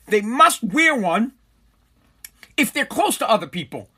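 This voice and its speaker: Profane rambling New man, bright and high. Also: very animated, a little slow, a little hiss or hum. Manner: rambling, profane, self-mocking. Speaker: radio show host. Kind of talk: casual comedic monologue.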